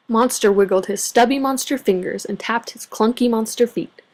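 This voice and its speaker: A woman reading a children's picture book aloud with an expressive, varied storytelling delivery. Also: on the high side, moderate pace. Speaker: storybook reader.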